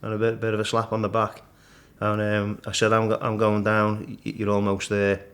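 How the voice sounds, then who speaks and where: Man, middle-aged, lowish pitch, animated storyteller. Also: normal speed. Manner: animated storyteller, acts out his own shouts and thoughts. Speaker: interview guest, Everest climber. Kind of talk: storytelling in casual conversation.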